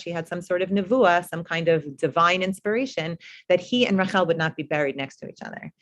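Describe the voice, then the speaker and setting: A woman's voice: lowish voice, brisk, a bit bright. Woman teaching a casual Torah class. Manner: conversational, many "um" and "like" asides.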